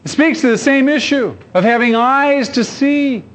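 A pastor with a very high voice preaches a sermon at a moderate pace. He tells stories animatedly, acting out voices and asking rhetorical questions. The recording sounds dull and lo-fi.

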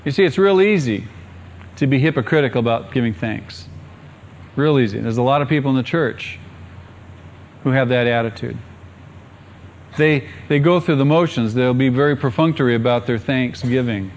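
A middle-aged male pastor preaching a sermon, rising to excited calls and asking the congregation questions. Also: mid-range voice, normal speed, long pauses.

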